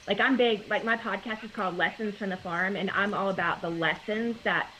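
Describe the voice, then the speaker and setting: A woman's voice: medium pitch, fairly even intonation, moderate pace, few pauses, fairly bright tone, a little hiss or hum, low-quality recording. A woman in her forties, a guest talking earnestly in casual conversation over a video call, with many fillers.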